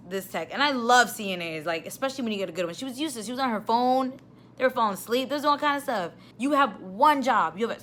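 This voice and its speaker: A woman's voice: fairly high pitch, slight background noise. A young woman with a New York accent, an ER nurse, telling a story in a casual vlog and getting more and more exasperated as she goes. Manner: animated, exasperated storytelling with rising outbursts. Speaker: ER nurse vlogger.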